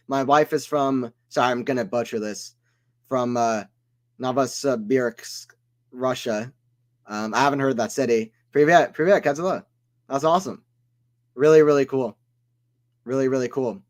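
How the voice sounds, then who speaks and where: A man's voice: mid-range voice, fairly bright tone. A man from the American South with an American accent, giving casual play-by-play commentary on a live stream and chatting with viewers. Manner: chatty, reads chat aloud and drifts off topic.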